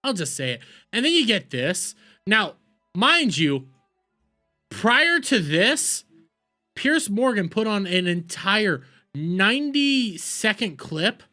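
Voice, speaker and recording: Brief: profane, rambling reaction streamer at mid pitch. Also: very animated, takes it slowly, pushed and bright, soft background music. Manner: profane, rambling, scrolls while talking. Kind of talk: casual reaction commentary.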